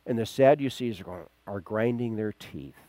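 A man preaching a verse-by-verse sermon, acting out the quoted voices and swinging between loud emphasis and quiet asides. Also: on the low side, no echo. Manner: acts out quoted voices, chuckles. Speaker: pastor. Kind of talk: expository sermon.

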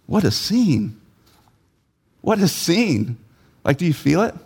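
A man's voice: a little high, sing-song, takes it slowly, gravelly, a little mellow, husky. A man preaching a sermon, emphatic, repeating key phrases and putting questions to his listeners.

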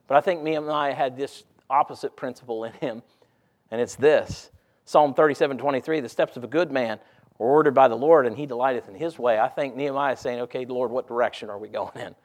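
A man preaching a sermon, asking his congregation repeated questions and reading scripture aloud with rising intensity, going from hushed to loud. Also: mid-range voice, a little fast.

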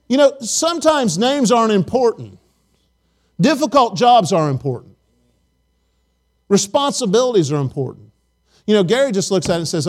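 A man's voice: high-pitched, very animated, a little fast, a little mellow. A man, a pastor, preaching a conversational sermon in a church, telling stories and asking the congregation for amens. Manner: chatty storytelling, asks the congregation for amens. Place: church sanctuary.

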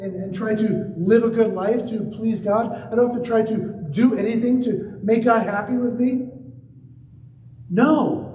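High-voiced preacher in a roomy hall. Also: male voice, a little hiss or hum. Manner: animated preaching, dropping to hushed low tones for emphasis. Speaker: pastor. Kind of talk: sermon. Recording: roomy, distant mic with faint ambience.

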